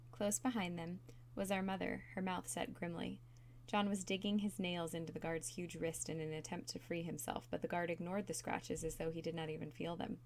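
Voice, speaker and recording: A woman reading a chapter of a novel aloud in a calm, steady narrating voice. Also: lowish voice, a little hiss or hum. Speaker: reader.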